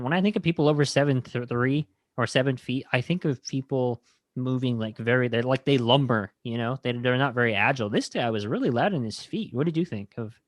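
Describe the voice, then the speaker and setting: A man's voice: mid-range voice, no echo. Male podcast host, eager rambling film recap, dry close sound. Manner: enthusiastic, rambling recap with quoted movie lines. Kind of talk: casual film review chat.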